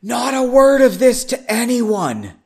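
A man voicing a kind young woman who has a magic storage space, speaking softly with his voice lifted. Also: extremely high pitch, very animated, slow pace, pitched above the performer's own voice, exaggerated voice. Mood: gentle.

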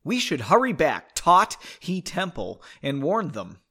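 A man's voice: fairly high pitch, huge pitch swings, a little slow, pushed and bright, slightly rough, heavily acted. A man doing a teasing young woman adventurer. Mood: urgent. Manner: playful, teasing, raised voice.

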